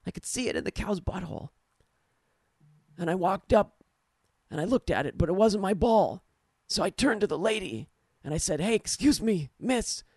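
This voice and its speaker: A man doing a higher-voiced golfer telling a tale. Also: moderate pace, pauses often, dry recording, studio quality. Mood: storytelling. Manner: animated storytelling. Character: adult male golfer spinning a long tale.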